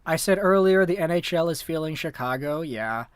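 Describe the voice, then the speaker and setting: A woman hosting a livestream, giving excitable live reaction commentary and talking to viewers in the chat, swinging from low muttering to shouted disbelief. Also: moderate pace, no room sound, clean studio sound. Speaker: livestream host.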